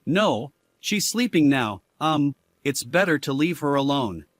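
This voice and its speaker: A man's voice: a little high, very animated, unhurried, no room sound. A man voicing a deceitful husband caught out in his lies, speaking hesitantly and stammering in a storybook drama. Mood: flustered.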